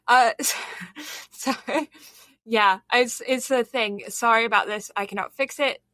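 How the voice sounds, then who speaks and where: Chatty podcast co-host, woman, slight lisp, high and bright, dry close sound. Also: slow, dry recording. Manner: chatty, laughs often, rambling. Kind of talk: casual chat.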